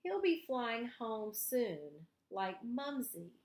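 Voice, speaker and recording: A woman voicing a gentle, patient young man who speaks softly and reassuringly. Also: a little high, sing-song, very slow, roomy sound, exaggerated voice.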